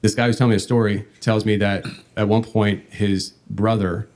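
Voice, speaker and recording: A man hosting a podcast, telling a long story in a meandering, halting way. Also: lowish voice, little pitch movement, a little mellow. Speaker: podcast host.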